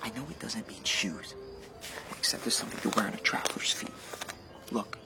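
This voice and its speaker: A man's voice: fairly low pitch, fairly quick, vocal fry, over music. An actor playing a restless, sardonic young man who longs to get away and sometimes sinks to a whisper. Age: young adult. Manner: sardonic, brooding, drops to a whisper. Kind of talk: stage drama acting.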